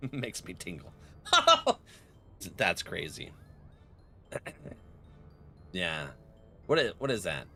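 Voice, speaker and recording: A young male game streamer chatting loosely with his viewers, laughing often. His low voice is gravelly but bright, and his pitch swings in a lively way. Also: extremely slow, pauses often. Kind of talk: casual live-stream chat.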